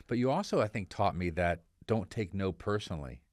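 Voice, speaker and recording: Low-voiced guy hosting a podcast, reflective, keeps affirming the guest, dry close sound. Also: animated, a little fast, a little mellow, no echo. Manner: reflective, affirming, asks long questions. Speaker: podcast host. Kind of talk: interview conversation. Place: podcast studio.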